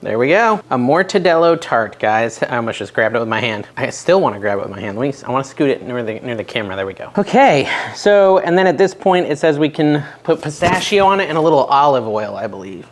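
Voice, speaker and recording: A middle-aged man hosting a casual home cooking vlog, chatty and nervous, with a self-deprecating manner and sudden excited yelps. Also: medium pitch, fast talker, few pauses. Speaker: cooking channel host. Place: home kitchen.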